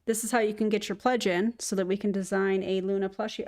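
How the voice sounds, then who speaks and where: A woman's voice: mid-range voice, flat delivery, fast talker, few pauses, darkish tone. A woman hosting a casual livestream, chatting to viewers and cooing to her cat. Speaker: streamer host.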